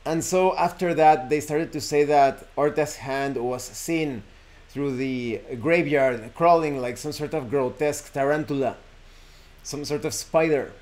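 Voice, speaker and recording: A man's voice: a little high, unhurried, darkish tone. A man, hosting a show and casually retelling a horror folk tale, rambling and correcting himself with frequent fillers. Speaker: host. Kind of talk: casual storytelling.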